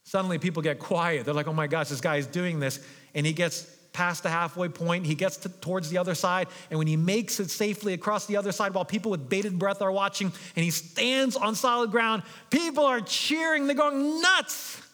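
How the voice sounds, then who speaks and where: High-voiced pastor preaching in a reverberant hall. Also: male voice, a little fast, hardly any pauses. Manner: animated storytelling, acting out crowd voices. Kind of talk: sermon. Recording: long reverb of a large hall.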